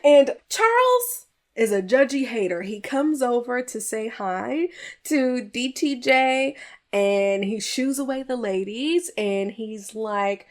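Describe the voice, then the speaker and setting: A woman hosting a podcast, casually recapping a movie in a chatty, animated way with playful jabs. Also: fairly high pitch, slow pace. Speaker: podcast host reviewing a film. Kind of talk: casual chat.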